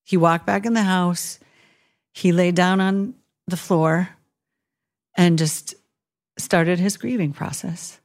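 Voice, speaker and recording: A woman's voice: fairly low pitch, steady tone, slow pace, pauses often. A woman chaplain, a podcast guest, telling a story in an earnest and tender way. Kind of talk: emotional storytelling.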